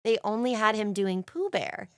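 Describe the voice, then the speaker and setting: A woman's voice: medium pitch, lively intonation, moderate pace, clean tone, dry recording. A young adult woman co-hosting a podcast, telling a story in casual chat with gushing, emotional enthusiasm. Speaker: podcast co-host.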